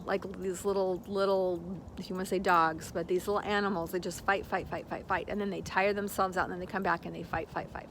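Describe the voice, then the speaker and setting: An older woman talking as a spiritual teacher in a reflective monologue, rambling gently and acting out little quoted exchanges as she tells a story. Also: mid-range voice, a little hiss or hum.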